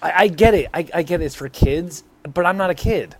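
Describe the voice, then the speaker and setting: A man gives his take on a casual podcast, hesitating, rephrasing and restarting. His voice sits a bit high for a man. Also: a little fast. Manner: hesitant, rambling, searching for words. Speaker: podcast co-host.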